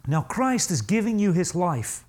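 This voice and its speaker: A man preaching a sermon, emphatic, asking the congregation rhetorical questions and slowing down to stress key phrases. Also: sits high, very animated, darkish tone.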